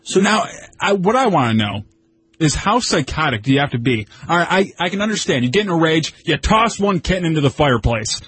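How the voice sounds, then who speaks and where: Male co-host, slightly high, husky, deadpan dark humor, dry mic. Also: brisk, no echo. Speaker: radio co-host. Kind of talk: casual radio banter.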